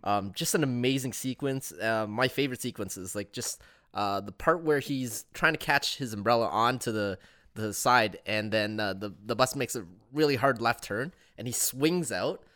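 A man in his thirties co-hosting a casual podcast about movies, animated and laughing as he talks, often restarting his sentences. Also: mid-range voice, normal speed. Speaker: podcast co-host. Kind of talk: casual film discussion chat.

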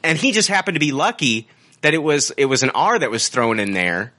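Animated, profane man on a podcast. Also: medium pitch, brisk. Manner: animated, profane, laughs often. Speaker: podcast co-host. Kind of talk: casual podcast chat.

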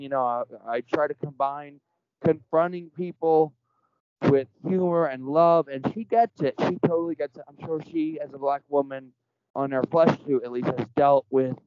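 A man's voice: a little high, smooth. A man telling a story in casual conversation as a podcast guest, earnest and rambling, framing it in spiritual terms. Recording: dull lo-fi dry sound.

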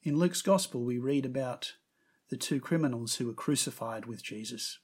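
A man preaching a sermon, telling the story with expressive emphasis and lifting his voice on quoted words. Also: medium pitch, moderate pace, slightly rough.

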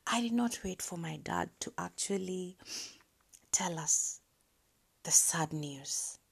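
A woman telling a personal story on her podcast in a soft, breathy, near-whispered voice, hesitant and halting with many pauses. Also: fairly low pitch, lively intonation.

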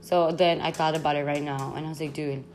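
A young woman hosting a podcast, telling a story in a casual, animated, slangy way, full of "like" and swearing. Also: deep voice, fast, a little hiss or hum. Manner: animated, slangy, constant "like", swearing, laughs often. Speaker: podcast host.

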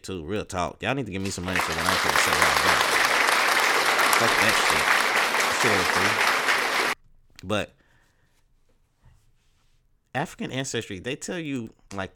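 A young man hosting a solo podcast, ranting in profane, animated street slang. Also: fairly low pitch. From Texas, USA. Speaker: podcast host.

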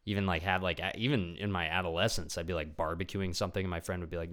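A young podcast host delivers a casual, rambling comedic monologue in a low, rapid-fire voice with few pauses. Animated and freely profane, he acts out the voices of people in his stories.

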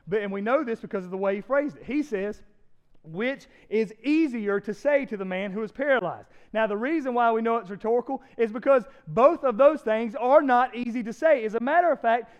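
Guy pastor w a really high voice, chatty sermon, kinda dull lo-fi church recording. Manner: conversational, animated, rhetorical questions to the congregation.

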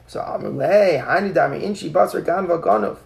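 A man with a high voice teaches a Talmud class. He reads Aramaic lines and explains them in English, and he acts out the sages' back-and-forth. His voice has a gravelly edge. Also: fairly quick. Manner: acts out the rabbis' dialogue in a lively way. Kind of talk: Talmud class, reading and translating.

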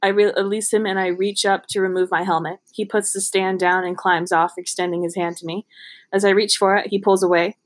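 A woman's voice: medium pitch, little pitch movement, a little fast. A woman reading a romance novel aloud in a casual, giggly way, stumbling and restarting over words. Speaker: reader.

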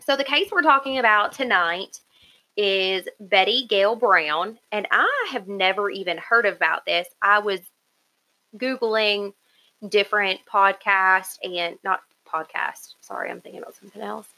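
A woman co-hosting a podcast, chatting casually in an excitable, giggly way. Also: medium pitch, measured pace, rough recording. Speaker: podcast co-host.

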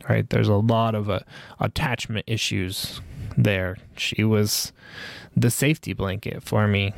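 A man's voice: fairly low pitch, creaky, dry recording. A man in his forties hosting a podcast, reflecting on his life in a rambling way with many fillers and restarts. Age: 40s. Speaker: podcast host. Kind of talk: personal reflective monologue.

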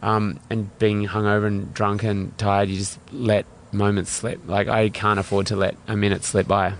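Young guy, low and husky with fry, candid rambling interview guest, faint background hiss. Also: little pitch movement, normal speed. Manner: rambling, candid, many fillers. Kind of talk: casual interview talk.

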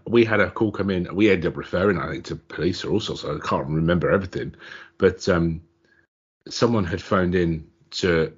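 A man's voice: low-pitched, normal speed, husky. A man co-hosting a podcast, telling stories in casual chat and acting out the quotes. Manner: animated storyteller, acts out quotes. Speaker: podcast co-host. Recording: muffled lo-fi audio.

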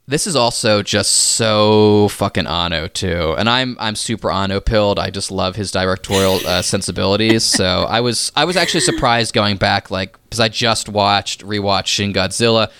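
A man co-hosting a chat podcast, in a low, bright and crisp voice. He jokes around and gets excited about what he loves. The sound is dry and close. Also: moderate pace, hardly any pauses, no echo. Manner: joking, enthusiastic. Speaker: podcast co-host. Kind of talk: casual chat.

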